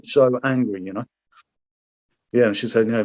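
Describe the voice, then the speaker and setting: A man's voice: medium pitch, normal speed, long pauses, warm tone. A man, a former paratrooper, chatting frankly as a podcast guest, rambling and swearing freely. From Britain. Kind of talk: casual interview chat.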